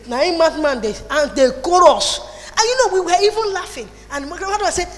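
A woman with a Nigerian accent preaching a lively sermon, slipping into Pidgin and Igbo phrases. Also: extremely high pitch, fairly quick. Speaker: pastor. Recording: long reverb in a hall.

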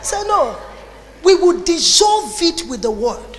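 A woman with a Nigerian accent preaching a lively sermon, slipping into Pidgin and Igbo phrases. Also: extremely high pitch, takes it slowly. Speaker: pastor. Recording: long reverb in a hall.

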